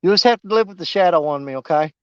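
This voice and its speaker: A fishing vlogger live-streams from a riverbank, rambling to viewers in a folksy, easygoing way while sounding winded. His voice is high and fast with a clean tone, recorded lo-fi with no room sound.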